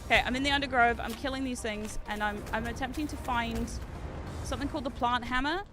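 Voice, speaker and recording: A young woman from the UK with a British accent softened by New Zealand, chatting casually while streaming a game, rambling on tangents and swearing freely. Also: on the high side, fairly even intonation, fast, over music. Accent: British mixed with New Zealand. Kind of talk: casual gaming stream chat.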